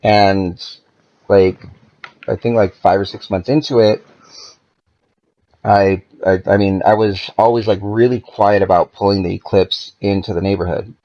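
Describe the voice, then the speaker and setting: A man appears as a podcast guest, speaking a bit slowly in a lowish, steady voice with a darker color. His long story is loose, rambling, and profane, crammed with "like"s. Audio quality is dull and lo-fi.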